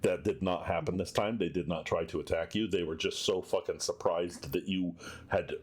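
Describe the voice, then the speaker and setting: A man's voice: deep voice, steady tone, normal speed, darkish tone. A man narrating a tabletop game as game master, loose and laughing, with many fillers.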